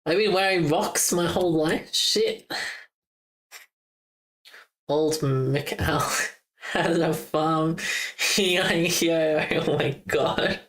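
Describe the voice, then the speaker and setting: In a low voice with fairly even intonation, a young woman streamer talks extremely slowly, pausing often. Her casual live-stream chat is playful and giggly, full of jokes as she repeats game words.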